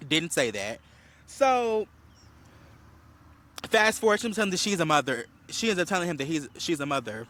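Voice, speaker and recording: Male podcast co-host, slightly higher voice, animated gossip storyteller, a little choked up. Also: moderate pace. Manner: animated storyteller, acts out quotes, many fillers. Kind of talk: casual chat recapping a reality show.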